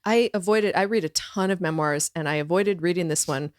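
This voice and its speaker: A woman's voice: on the low side, fairly quick, dry recording, clean studio sound. Woman chatting as a podcast guest. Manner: reactive listener, short responses. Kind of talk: casual chat.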